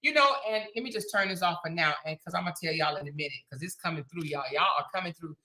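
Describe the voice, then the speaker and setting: A woman's voice: fairly low pitch, fast, pushed and bright, poor audio. A woman hosting a casual livestream, chatting and thanking viewers as she reads their comments. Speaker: livestream host.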